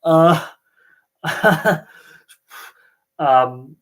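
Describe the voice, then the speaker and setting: A British man hosts a live sports Q&A stream, chatting casually and rambling with lots of ums and uhs. His voice is a little high, with lively intonation, and he speaks very slowly.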